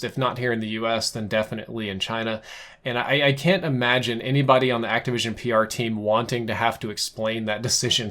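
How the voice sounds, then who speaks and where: A man's voice: mid-range voice, fairly bright tone. A man giving opinionated, conversational gaming commentary, ranting casually with frequent restarts. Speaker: gaming YouTuber. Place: home setup, in America.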